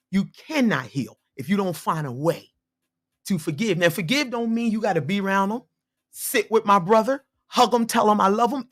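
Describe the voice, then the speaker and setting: A woman's voice: mid-range voice, breathy edge. A woman in her fifties speaking as a radio guest, giving earnest, emphatic testimony and repeating her key points for emphasis. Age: 50s. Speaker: radio show guest, abuse survivor and healer. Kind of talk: earnest personal testimony and advice. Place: radio studio.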